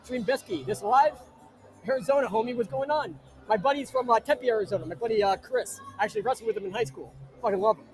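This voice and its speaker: A man from New Jersey hosts a live chat stream from inside an arena, his voice pitched unusually high. He reads viewer comments and trades crude, brash jokes with them. Faint music plays underneath. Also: fast talker. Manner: brash, crude joking shout-outs. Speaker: livestream host.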